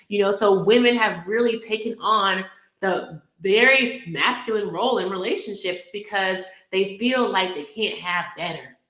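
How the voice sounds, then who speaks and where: A woman's voice: medium pitch, sharp tone, roomy sound. A woman hosting a relationship talk, speaking earnestly in a coaching manner and repeating her key phrases. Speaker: relationship podcast host. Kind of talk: casual talk to camera.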